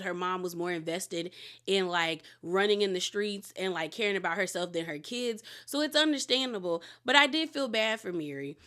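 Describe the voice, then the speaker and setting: A woman's voice: mid-range voice, fairly bright tone. A woman recapping a reality TV episode in a casual, rambling way, acting out what the cast said. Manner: rambling storyteller, acts out the cast's lines.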